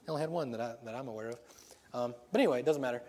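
A man preaching a sermon in a relaxed, conversational way. He tells stories, asks his listeners rhetorical questions and laughs often. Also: mid-range voice, very fast.

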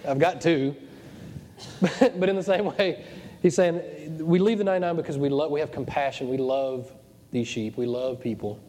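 A man's voice: fairly high pitch, normal speed, mellow. A man preaching a sermon as pastor of his church, joking and digressive as he goes. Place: church hall. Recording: long church reverb.

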